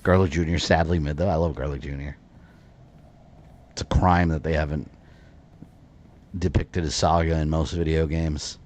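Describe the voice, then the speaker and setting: A man's voice: very deep voice, little pitch movement, normal speed, long pauses, darkish tone. An American man from Florida, chatting and rambling through live gameplay commentary as a streamer, often drifting off into side stories. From Florida, USA. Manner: chatty, rambling, wanders off on tangents.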